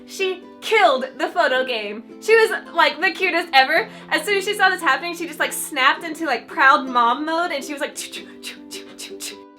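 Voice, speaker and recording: Chatty young woman doing a storytime vlog, really high bright voice, says like a lot, soft ukulele music behind. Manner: gushing, chatty, lots of "like". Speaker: YouTuber. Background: light ukulele music.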